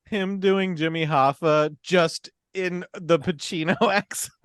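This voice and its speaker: A man's voice: high voice, fairly even intonation, slow, fairly bright tone, clean tone, dry recording, studio quality. A man co-hosting a casual film podcast, talking emphatically with swearing and laughs while recapping a plot. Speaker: podcast co-host.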